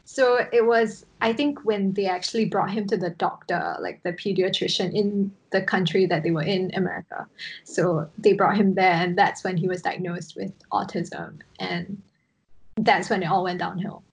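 A woman's voice: mid-range voice, steady tone, normal speed, creaky. A woman chatting casually on a podcast, often mimicking others in a raised voice. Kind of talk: casual chat.

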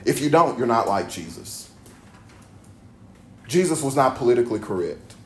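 A man's voice: medium pitch, big pitch swings, moderate pace, slight background noise. A man preaching a sermon in a blunt, plainspoken, emphatic way, reading from scripture between his points. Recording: echoey room.

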